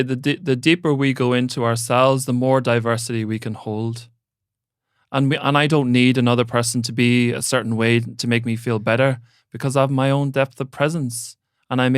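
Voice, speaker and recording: A man in a mid-range voice speaks as a podcast guest in a thoughtful, grounded way, swearing casually. His voice is smooth and clear. The sound is dry and close. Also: medium pitch, no room sound. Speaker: mentor and coach, podcast guest. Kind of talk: reflective conversational talk.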